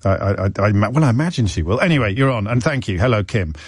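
A middle-aged man hosts a radio phone-in from a dry studio. His pitch swings about animatedly as he chats, and he is self-deprecating and stumbles over restarts. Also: racing, breathy edge, dry recording. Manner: chatty, self-deprecating, lively, with stammering restarts. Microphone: studio microphone.

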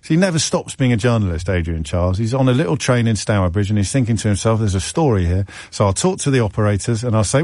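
A man's voice: mid-range voice, big pitch swings, fairly quick, dry recording, clean studio sound. A middle-aged man hosting a radio phone-in, chatty and self-deprecating, with stammering restarts. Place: radio studio. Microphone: studio microphone.

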